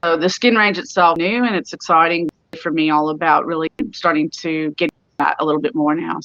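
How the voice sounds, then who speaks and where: A woman's voice: deep voice, fairly even intonation, fairly quick, a bit bright, no room sound. A middle-aged woman from California, a spa owner chatting as a guest in a remote interview. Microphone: video call. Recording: dull lo-fi call audio.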